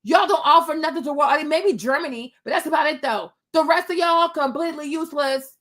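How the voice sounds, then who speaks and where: A woman host delivers a brash, mocking rant with heavy emphasis. Her voice sits high for a woman, and she punches her lines hard. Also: fairly quick, fairly bright tone. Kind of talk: ranting commentary.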